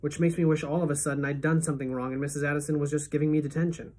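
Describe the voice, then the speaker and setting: A woman teacher reading a novel aloud to her class as a first-person narrator, steady and expressive. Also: sits low, racing, husky.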